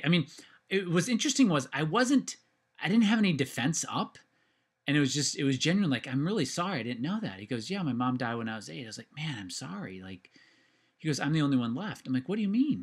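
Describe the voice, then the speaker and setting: A man's voice: mid-range voice, fairly bright tone. A man telling a personal story in a casual monologue, earnest and rambling, with many fillers and restarts.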